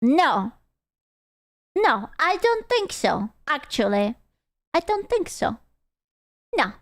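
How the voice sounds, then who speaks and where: A woman's voice: high voice, sing-song, takes it slowly. A young woman streamer chatting casually with viewers, playful and giggly, swearing and reacting dramatically.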